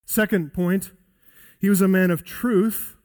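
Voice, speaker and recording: A man preaching a sermon as pastor-teacher, earnest and expository, slowing down to stress key points. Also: high voice, fairly even intonation, a little mellow. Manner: earnest expository preaching, varies pace for emphasis.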